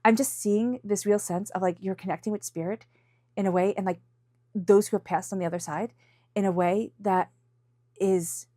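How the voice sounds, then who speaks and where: A woman's voice: mid-range voice, fairly even intonation, normal speed, warm tone, no echo, clean studio sound. A woman giving an intuitive tarot reading in a casual, encouraging way, with lots of fillers and restarts, acting out inner voices in quotes. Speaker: tarot reader.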